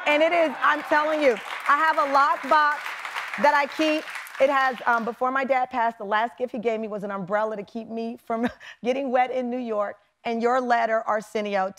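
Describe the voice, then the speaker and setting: A talk show host, a middle-aged woman, speaks in a bright, high register with emphatic, gushing delivery. She chats casually in a TV studio. A live audience murmurs faintly in the background. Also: fairly even intonation, normal speed, some chatter behind. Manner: effusive, emphatic, laughs often. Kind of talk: casual interview chat.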